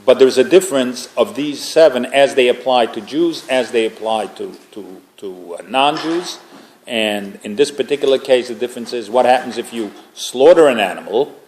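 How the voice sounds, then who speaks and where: A man's voice: medium pitch, normal speed, darkish tone, a little hiss or hum. A man teaching an informal religious class, talking conversationally and making joking asides to the group.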